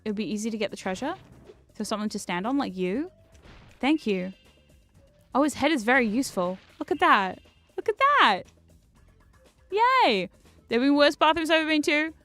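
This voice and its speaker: A woman streaming a video game, chatting casually with a self-mocking humor and frequent laughs, jumping between loud outbursts and low asides. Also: very animated, normal speed, long pauses, faint music behind. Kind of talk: casual chat while gaming.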